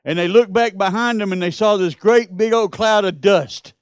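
High-voiced preacher. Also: male voice, moderate pace, clear, resonant tone, no room sound. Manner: storytelling preacher, rising to loud emphatic peaks. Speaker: pastor. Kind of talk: sermon.

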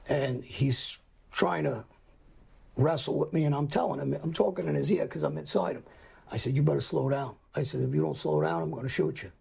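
A man's voice: on the high side, creaky, darkish tone, husky. A middle-aged man telling a story in a blunt, profane way and acting out the lines he quotes. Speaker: guest telling a crime story. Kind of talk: casual storytelling.

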